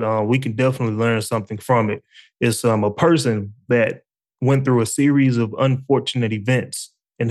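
Man, faith talk host, reflective, conversational, lots of fillers. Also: mid-range voice.

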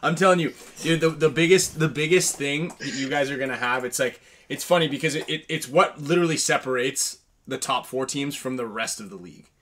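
A man's voice: mid-range voice, brisk, few pauses, fairly bright tone. A man hosting a casual podcast chat, laid-back, with stammered restarts.

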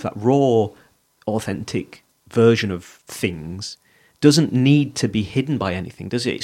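A man's voice: fairly low pitch, gravelly. Reflective, rambling male podcast co-host. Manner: reflective, rambling, thinking aloud with restarts. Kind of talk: casual chat.

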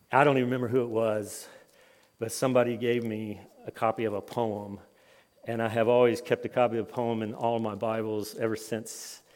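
A man in his fifties giving a conference sermon, telling personal stories with lively rises and drops in his voice. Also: medium pitch. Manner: lively storytelling, voice rising and dropping with the tale. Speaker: conference speaker. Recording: long hall reverb.

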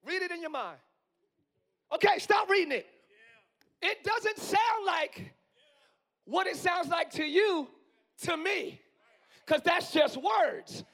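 A hoarse man in his forties preaching a live sermon as pastor, swinging from quiet musing to yelling. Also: very high voice, lively intonation, takes it slowly, pauses often. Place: church sanctuary.

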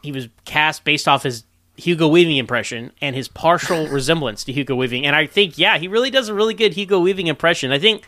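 A chatty man riffing on film trivia with an easy laugh. His voice is bright and forward, sitting at a middle pitch, and it sounds dry and close with almost no room around it. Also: fast, no room sound. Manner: chatty, animated, laughs often. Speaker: podcast co-host sharing film trivia. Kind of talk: casual chat.

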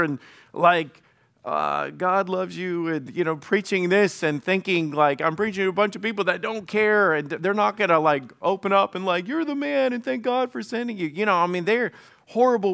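A middle-aged man preaching a sermon as pastor, telling a personal story with animated quoted bursts. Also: a little high.

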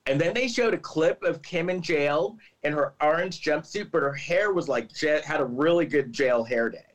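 Chatty higher-voiced man, podcast co-host. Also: moderate pace, poor audio. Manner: chatty, animated storytelling with many "like"s. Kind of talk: casual chat.

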